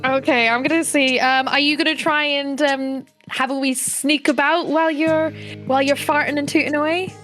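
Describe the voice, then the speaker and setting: A woman's voice: sits high, steady tone, normal speed, fairly bright tone, soft background music. Chatty woman game master. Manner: casual, chatty, lots of fillers and swearing. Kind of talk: narrating a tabletop game.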